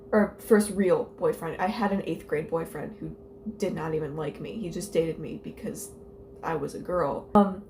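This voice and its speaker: A woman's voice: mid-range voice, warm tone, slight background noise. A young woman telling stories and reading her old journal aloud in a casual vlog. She is candid and self-mocking, and her talk rambles with lots of "like" fillers. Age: young adult. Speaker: vlogger.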